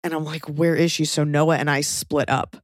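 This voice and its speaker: Her voice is low and flat, at a normal speed, as this thirty-something podcast host meanders through a casual story, swearing and using lots of fillers. Dry, studio-quality audio.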